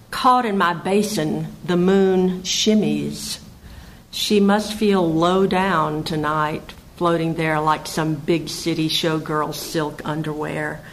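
A woman poet reading her own poems aloud in a measured recitation, with hesitant, chatty asides between the pieces. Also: low voice, a little hiss or hum, poor audio. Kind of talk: poetry reading.

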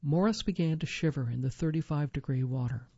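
A woman reading a magazine article aloud for a reading service, in a clear, even, measured way. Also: low-pitched, dry recording, highs cut off. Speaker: volunteer reader for a reading service. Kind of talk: scripted narration of magazine article.

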